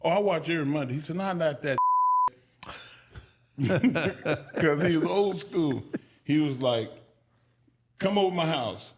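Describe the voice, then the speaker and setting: As a guest on a podcast interview, a man tells stories in a casual, profane, animated manner, raising his voice to act out the people he quotes. His pitch is fairly high, and he speaks unhurriedly, pausing often.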